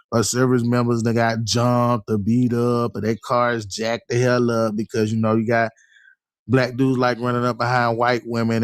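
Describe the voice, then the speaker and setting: A man's voice: mid-range voice, no room sound, clean studio sound. A man chatting casually on a livestream, telling loose, slangy stories with lots of fillers. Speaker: livestream host.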